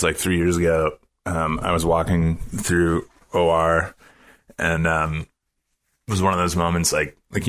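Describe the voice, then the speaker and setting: A man's voice: sits low, a bit bright. A man, a podcast guest, telling a story casually, rambling with many fillers and laughing as he goes.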